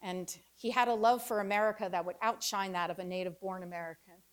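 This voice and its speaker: A woman's voice: medium pitch, fairly even intonation. Woman reading a wry personal essay. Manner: reflective, wry storytelling with pauses. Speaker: author giving a reading.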